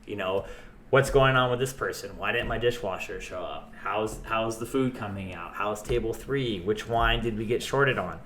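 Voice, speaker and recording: A young man with a lowish voice talks through a casual interview in a loose, rambling way, swearing freely as he goes. The room is echoey, with a faint hiss under him. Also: normal speed, a bit bright. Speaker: chef and restaurant owner, guest.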